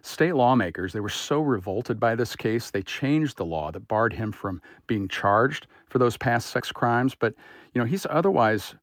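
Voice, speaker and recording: A man's voice: mid-range voice, lively intonation, unhurried, no echo. Man, politics editor, radio interview, conversational, dry studio sound.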